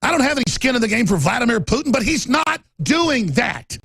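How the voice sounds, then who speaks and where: A man hosting a talk show, delivering a heated, emphatic political monologue and shouting at times. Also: very high voice, sing-song, a little fast, gravelly, slightly rough, no room sound.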